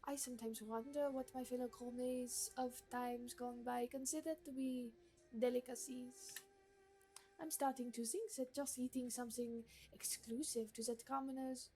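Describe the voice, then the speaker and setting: A woman's voice: a little high, steady tone, warm tone, faint music behind, lightly acted. Woman putting on a haughty French gourmet lady. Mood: disappointed. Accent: put-on French accent. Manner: haughty, drawn-out theatrical reading. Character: snobbish refined gourmet woman, demanding. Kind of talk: reading game dialogue aloud.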